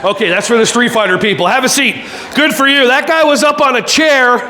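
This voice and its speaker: A man's voice: very high voice, fairly quick, sharp tone. A man giving a playful, jokey keynote talk to a live audience from a stage. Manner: playful, jokey, makes silly laser sound effects. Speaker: keynote speaker. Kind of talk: energetic motivational keynote. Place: conference hall with live audience.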